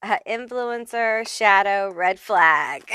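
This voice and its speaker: A woman with a mid-range voice, pushed and bright, does a casual pick-a-card tarot reading. She's chatty, reassuring and affirming, swears freely, and keeps checking in with "okay?" and "honey." The tone is clean and the recording dry, with studio quality.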